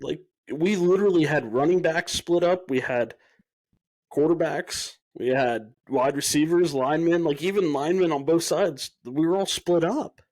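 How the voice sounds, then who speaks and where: A young man co-hosts a laid-back podcast, his voice a little high and a little mellow at an ordinary speed. He tells stories energetically, acts out the lines he quotes, and swears freely.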